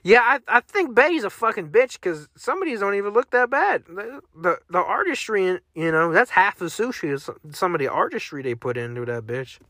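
Male solo podcast host, profane and joking, animated delivery, dry close mic. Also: high voice, brisk, hardly any pauses, no room sound. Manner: profane, joking, reacting aloud while browsing online. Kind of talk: casual solo podcast commentary.

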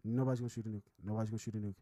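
A man talking fast and heatedly in a casual podcast chat, swearing and repeating himself. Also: on the low side, little pitch movement, dark tone, rough recording. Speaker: podcast co-host.

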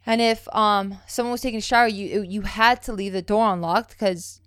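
A woman's voice: mid-range voice, fairly even intonation, normal speed, a bit bright, smooth, no room sound. Profane, chatty young woman, dry sound. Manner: loose, profane storytelling with many fillers. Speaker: podcast co-host. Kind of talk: casual chat.

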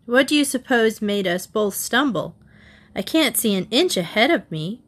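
Lady reading as a teen boy, calm and teasing, storybook voice. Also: fairly high pitch, moderate pace. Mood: steady. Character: calm joking teenage boy.

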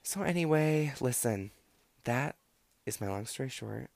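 Rambling, profane young man with gravelly voice. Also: medium pitch, lively intonation, unhurried, a little mellow, no room sound. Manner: rambling, profane, lots of "like" fillers. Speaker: podcast host. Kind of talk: casual storytelling monologue.

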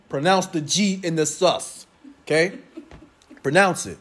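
A young man preaching a sermon to his congregation, loud and playful, joking with them as he goes. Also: a little high, lively intonation, unhurried, pauses often, slightly rough. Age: young adult.

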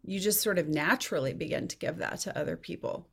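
A woman in her forties speaks as a therapist guest in a podcast interview. Her voice sits a little low, and she talks thoughtfully, often stopping and restarting as she hunts for an example. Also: fast, gravelly, fairly bright tone, husky.

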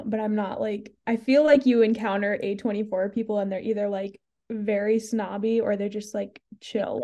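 Chill young woman guest, warm mellow voice, rambly casual talk. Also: mid-range voice. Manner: relaxed, rambling, many "like"s. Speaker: podcast guest. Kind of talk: casual chat.

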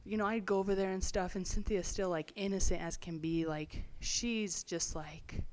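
A woman's voice: fairly low pitch, steady tone, moderate pace, darkish tone, slight background noise. A young woman telling her personal testimony as an interview guest, chatty, full of "like" and "you know", acting out other people's voices.

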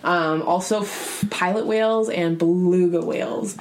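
A woman's voice: lowish voice, measured pace, darkish tone, echoey room. A young woman co-hosting a casual podcast chat, giggly and full of filler words. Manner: giggly, lots of likes. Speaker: podcast co-host, whale-watching guide.

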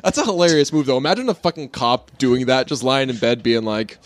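A man's voice: medium pitch, expressive, a little fast, no echo. A man, co-hosting a casual comedic podcast chat, rambling and swearing often. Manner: profane, rambling, jokey. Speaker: podcast co-host.

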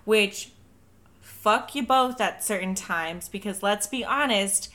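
Bright-voiced, foul-mouthed woman. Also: mid-range voice, takes it slowly. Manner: loose, profane, jokey storytelling. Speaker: podcast co-host. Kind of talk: casual chat, reading history notes.

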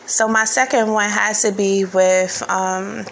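A woman talks straight to camera in a casual storytime vlog. Her voice carries a gravelly fry, and faint noise sits under it. She rambles candidly, leaning on fillers and swearing freely. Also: mid-range voice, flat delivery, slow, poor audio.

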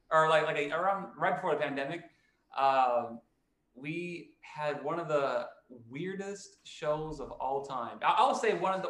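A man's voice: a little high, fairly bright tone, echoey room. A man casually telling a long, rambling band story, often acting out what people said. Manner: rambling storyteller, lots of restarts, acts out quotes. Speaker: band frontman and podcast host. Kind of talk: casual chat.

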